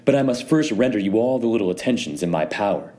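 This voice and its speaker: Brief: cold, mock-courteous avenger for a storybook reading, mellow tone, read by a man. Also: fairly low pitch, lively intonation, voice pushed up, lightly acted. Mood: cold, silky. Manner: silky, mock-concerned, measured. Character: cold, scheming male nobleman plotting revenge. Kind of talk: dramatic audiobook reading.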